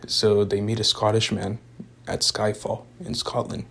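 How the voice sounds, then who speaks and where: Low, gravelly young man rambling. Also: level tone, unhurried. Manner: rambling, full of "like" and "um" fillers; laid-back, chuckles now and then. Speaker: movie reviewer. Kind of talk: casual spoken movie review.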